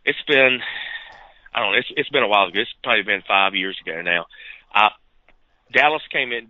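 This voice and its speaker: A man co-hosting a podcast, telling a hunting story in a lively, animated way and acting out the dialogue. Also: on the low side, no room sound, narrow, tinny audio. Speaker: podcast co-host. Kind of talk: casual storytelling.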